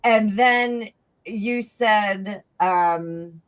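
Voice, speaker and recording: A woman telling a long personal story in casual chat, rambling and animated, acting out the voices of the people in it. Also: mid-range voice, extremely slow, smooth. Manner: rambling, animated, acts out quoted dialogue. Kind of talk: casual storytelling on a live stream.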